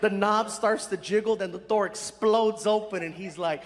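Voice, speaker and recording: A man telling a stand-up story on stage, acting out voices with loud, animated delivery. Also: sits high, normal speed, few pauses, heavy background noise. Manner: animated, shouting impressions, big laughs. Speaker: stand-up comedian. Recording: live show in a big hall, loud crowd. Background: audience laughter.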